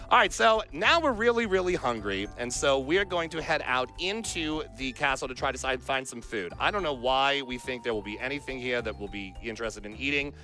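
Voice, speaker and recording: Lively, bright-voiced speedrunner man. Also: medium pitch, moderate pace, faint music behind. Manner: chatty, playful, self-deprecating. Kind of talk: live speedrun commentary. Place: marathon event stage.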